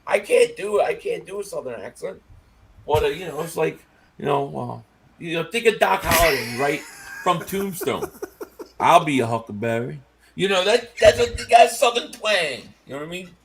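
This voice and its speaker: Animated joking podcast co-host, man. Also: fairly high pitch, normal speed, gravelly, slight background noise. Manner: animated, joking, trails off with fillers. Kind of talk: casual sports chat.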